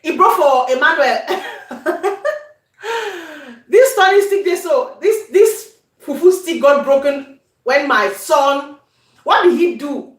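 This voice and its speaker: A woman's voice: high-pitched, lively intonation, takes it slowly, roomy sound. A woman with a Cameroonian accent hosting a home cooking video, chatting to viewers and slipping into Pidgin as she demonstrates. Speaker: cooking channel host. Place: home kitchen.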